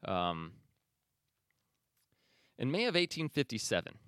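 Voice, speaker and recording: A man's voice: medium pitch, very animated, slow, a bit bright, clean tone, dry recording, clean studio sound. A man hosting a podcast, talking in a conversational, emphatic way and correcting himself as he goes. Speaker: podcast host. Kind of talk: casual commentary and reading aloud.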